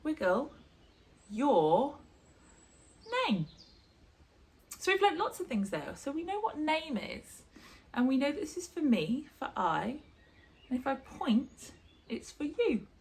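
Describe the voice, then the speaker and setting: A woman teaching an online lesson with a bright, animated delivery. Her pitch sits a little high and swings widely from phrase to phrase. She sounds chatty and encouraging, talking straight to her learners. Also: normal speed. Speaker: drama teacher. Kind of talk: online sign language lesson.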